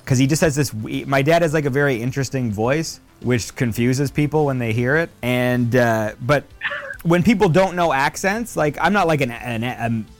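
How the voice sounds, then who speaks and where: A middle-pitched man hosts a loose, rambling chat, swearing often and filling gaps with "like" and "uh". Faint music plays under his voice. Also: moderate pace. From Canada. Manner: rambling, profane, lots of fillers. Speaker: podcast host. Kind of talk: casual chat.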